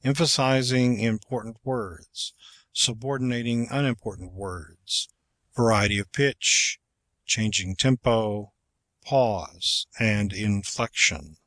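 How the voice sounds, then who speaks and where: Male audiobook narrator, unhurried textbook reading, mid-range voice, dry close recording. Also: fairly low pitch, a bit bright, no room sound. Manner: slow, measured reading of numbered exercises. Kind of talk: scripted narration of a public speaking textbook.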